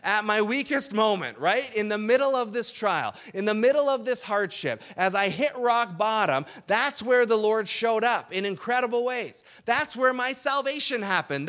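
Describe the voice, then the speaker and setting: A man with a high-pitched voice delivers a sermon as a pastor. He preaches in a conversational tone and often checks in with "right?". At times he softens his voice to speak the words of weary people.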